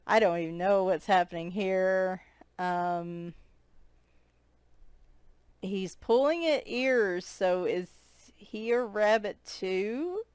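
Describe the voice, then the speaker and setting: A woman's voice: mid-range voice, smooth, dry recording. A woman chatting casually as she flips through a coloring book, amused and giggling as she comments on each picture.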